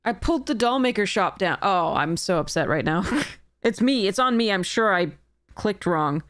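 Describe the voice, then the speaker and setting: A woman's voice: medium pitch, lively intonation, normal speed, no echo, studio quality. Woman thinking aloud while streaming. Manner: thinks aloud, self-deprecating, laughs at own mistakes. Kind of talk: casual livestream commentary while drafting.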